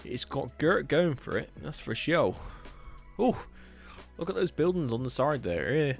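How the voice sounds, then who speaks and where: Gravelly Hampshire-accented man chatting on stream. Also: on the high side, very animated, measured pace, soft background music. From England. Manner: chatty, rambling, repeats words. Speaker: streamer reviewing builds. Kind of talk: casual live-stream commentary.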